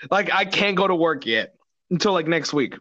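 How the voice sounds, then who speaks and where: A man's voice: a little high, animated, normal speed, bright, forceful tone, no room sound. A young man hosting a podcast in casual chat, crude and jokey, swearing a lot. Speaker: podcast host. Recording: dull lo-fi sound, dry.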